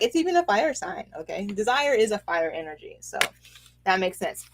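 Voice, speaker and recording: Chatty, animated woman. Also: medium pitch, moderate pace, vocal fry, breathy edge. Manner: animated, chatty, laughs often, says "okay?" a lot. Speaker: spiritual reader and host. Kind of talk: casual livestream reading.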